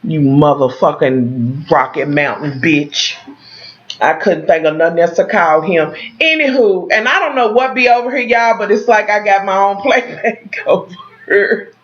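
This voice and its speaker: A woman vlogger recapping a TV episode for her viewers in a casual, animated, heavily profane way, talking straight to the camera. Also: lowish voice, unhurried, muffled recording.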